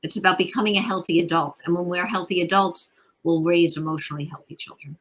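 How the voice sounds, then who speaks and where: A woman's voice: on the low side, fairly even intonation, quick pace, a bit bright, slight background noise, poor audio. Emphatic woman guest on parenting. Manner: emphatic, repeats key points. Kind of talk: casual interview chat.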